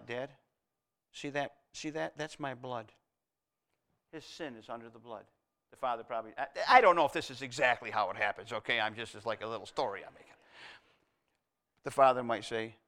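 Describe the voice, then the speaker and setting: A middle-aged man preaching with a bright, ringing voice that sits a little higher than most men's. He swings from loud emphatic peaks down to hushed, low passages and keeps asking the congregation rhetorical questions. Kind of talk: sermon.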